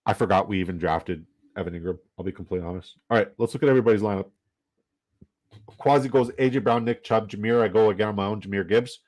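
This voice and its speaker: A man's voice: lowish voice, fast, a little mellow. A man from Canada, giving loose, jokey commentary and swearing casually while running down a fantasy football draft.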